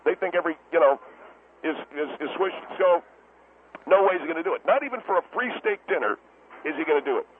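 A man's voice: on the high side, expressive, quick pace, close to an everyday voice. A man playing a brash steakhouse owner who calls in to a radio show, talking defensively and stammering as he backpedals. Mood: blustering. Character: brash blustering male steakhouse owner on the phone. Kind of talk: comedic radio phone-in character. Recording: tinny phone line with faint hiss.

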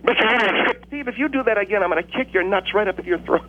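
A man's voice: sits high, a little hiss or hum, natural voice. A man doing a brassy lady caller. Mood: boastful, combative. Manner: boastful, combative, drawn-out storytelling. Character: brash Southern woman caller, boastful and combative. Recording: tinny phone line.

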